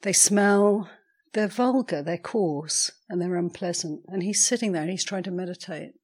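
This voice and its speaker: A woman meditation teacher telling a story during a morning sitting, in a measured, unhurried way, clearing her throat now and then. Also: on the low side, darkish tone. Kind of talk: storytelling dharma talk.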